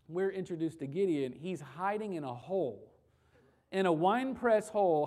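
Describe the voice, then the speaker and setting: A woman's voice: fairly high pitch, a little mellow. A woman preaching a sermon with emphasis, repeating key phrases and asking the listeners rhetorical questions.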